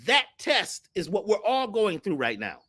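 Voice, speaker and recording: A man with a bright, ringing voice tells his stories with lots of energy. His pitch climbs high and dips low as he acts out the people in them. He talks casually and drops slang as he goes. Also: wildly swooping pitch, measured pace. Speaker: guest. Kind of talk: animated storytelling.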